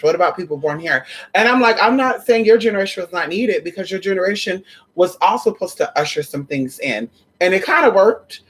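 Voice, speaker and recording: A spiritual vlogger talking casually and excitedly to viewers, swearing often and rambling with many restarts. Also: mid-range voice, poor audio. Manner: profane, excitable, addresses viewers as y'all and honey.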